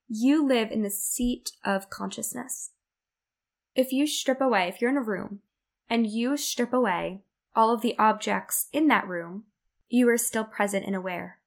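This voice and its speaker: A woman's voice: on the high side, a little slow, gravelly. A woman hosting a self-development podcast, talking earnestly in a reflective monologue and acting out the worried inner voice in her examples. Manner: earnest, acts out inner-voice quotes. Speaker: podcast host.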